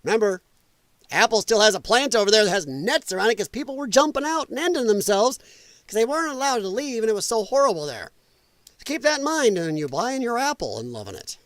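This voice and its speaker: A man's voice: sits high, dry recording. A man streaming casual political commentary, profane and combative, who mocks opponents in whiny put-on voices. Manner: profane, combative, sarcastic ranting.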